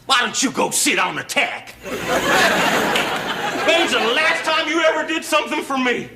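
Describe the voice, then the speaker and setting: A blustering put-upon husband. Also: male voice, extremely high pitch, expressive, normal speed, a loud crowd. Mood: indignant. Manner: huffy, indignant, blustering. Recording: noisy TV sitcom audio, audience laughing.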